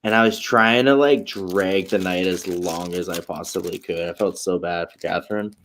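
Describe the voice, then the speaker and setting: A man co-hosting a casual livestream chat, telling animated stories and swearing freely. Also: sits low, moderate pace, a little hiss or hum. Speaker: podcast co-host.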